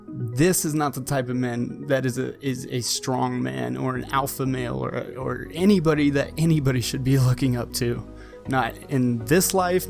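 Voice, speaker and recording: A man's voice: mid-range voice, vocal fry. A man hosting his channel, giving emphatic, repetitive opinion commentary to camera with frequent restarts. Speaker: fitness channel host.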